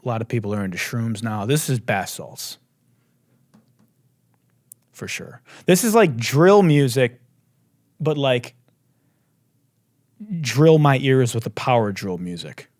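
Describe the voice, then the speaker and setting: Brief: sarcastic male host ranting, very animated pitch, dry close sound. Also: slow pace, pauses often, dry recording. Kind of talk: comedic commentary.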